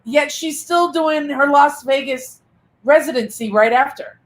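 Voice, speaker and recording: An older woman with grandchildren, co-hosting a casual live chat, talkative and quick to laugh at herself. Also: sits high, fairly bright tone. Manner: chatty, self-deprecating, laughs often. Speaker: co-host.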